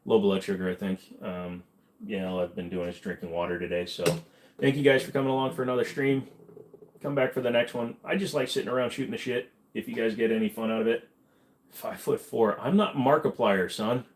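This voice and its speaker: A man with a fairly low voice hosts a casual livestream chat. He rambles easily and jokes as he reads viewers' comments aloud and answers them. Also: steady tone, fairly quick.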